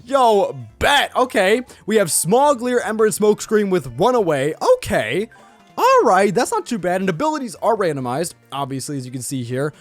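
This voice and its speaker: A man hosting a let's play video, talking in an excitable, hyped way with casual swearing. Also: sits high, normal speed, soft background music. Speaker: gaming channel host.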